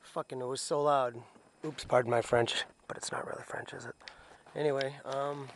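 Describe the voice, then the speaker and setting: A man's voice: medium pitch, fairly even intonation, normal speed. A man casually vlogging around his home and yard, rambling and swearing, then apologizing for it. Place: outdoors at home, yard with dogs. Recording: noisy outdoor camera audio with dogs.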